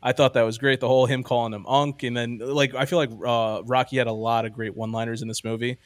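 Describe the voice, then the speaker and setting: A man's voice: mid-range voice, level tone, fast talker, dry recording. A man hosting a podcast, chatting casually and enthusiastically about ranking movies, rambling with lots of "like" and "um". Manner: enthusiastic, rambling, heavy use of "like" and "um". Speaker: podcast host.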